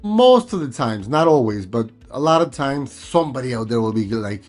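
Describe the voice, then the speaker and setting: A man's voice: mid-range voice, sing-song, normal speed, darkish tone, soft background music. A middle-aged man, a native Spanish speaker originally from Mexico, hosting a casual, rambling vlog monologue and repeating himself often. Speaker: vlog host.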